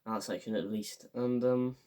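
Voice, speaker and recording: A man's voice: fairly low pitch, steady tone, normal speed, mellow. A young man, casually reviewing a show and rambling with lots of fillers and enthusiasm. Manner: rambling, filler-heavy, enthusiastic, acts out quotes. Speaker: fan reviewer.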